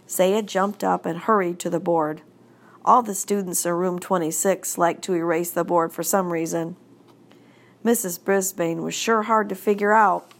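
A woman reading a children's story aloud with a low, gravelly voice. She takes her time, gently and deliberately, over each line. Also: steady tone. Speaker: audiobook narrator. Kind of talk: children's audiobook narration.

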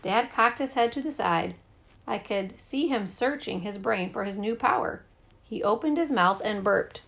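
A woman narrating a children's story in the first person, lively and brisk. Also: medium pitch, creaky. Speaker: audiobook narrator.

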